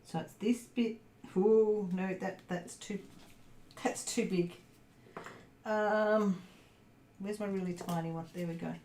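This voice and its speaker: A woman's voice: medium pitch, fairly even intonation, slow, long pauses, dark tone. Lady crafting live, chatty and mumbly, echoey room with a little hiss. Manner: chatty, muttering to herself as she works, laughs easily. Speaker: crafter livestreaming. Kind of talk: casual livestream chat while crafting. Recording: echoey room, faint background noise.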